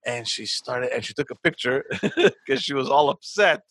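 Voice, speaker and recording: Dry-sounding dad telling family stories. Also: male voice, medium pitch, expressive, moderate pace, a bit bright, no room sound. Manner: laughs often, storytelling. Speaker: podcast co-host. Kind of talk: casual chat.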